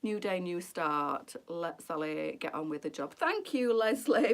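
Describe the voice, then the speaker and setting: A woman's voice: lowish voice, sing-song, measured pace. A middle-aged woman, a boutique presenter chatting candidly and emotionally on a live stream, answering viewers by name.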